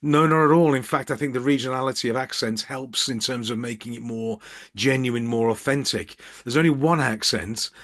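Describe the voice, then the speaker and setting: A man's voice: mid-range voice, moderate pace, fairly bright tone. A middle-aged man from Birmingham, England, giving casual tips straight to camera from his office as a business coach, with dry, self-mocking jokes. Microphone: camera at eye level with ring light.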